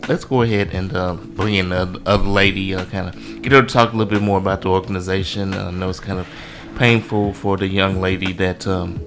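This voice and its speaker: A man with a very low voice hosts a community radio show from the studio. He speaks gently and hesitantly, full of fillers. Music runs clearly under him. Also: fairly even intonation, a little fast. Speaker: radio host. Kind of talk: radio talk show hosting.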